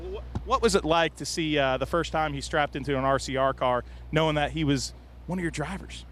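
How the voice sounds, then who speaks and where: A man hosting casual interviews in an outdoor race garage, loud and jokey. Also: on the high side, slight background noise. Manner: loud, jokey, quick to exclaim. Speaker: garage reporter and host.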